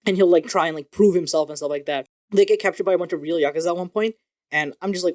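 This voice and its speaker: Casual male vlogger: rapid-fire, excitable, a touch higher than most men, curses casually. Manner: animated and excitable, swears casually. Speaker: video creator reviewing manga. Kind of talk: casual vlog review.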